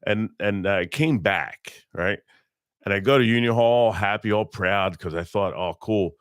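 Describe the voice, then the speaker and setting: A man's voice: fairly low pitch, a little slow, clear, resonant tone, no echo, studio quality. A middle-aged man in a casual interview, telling blunt, rambling stories about his working life and often correcting himself mid-sentence. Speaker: interview guest, electrician. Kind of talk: casual storytelling.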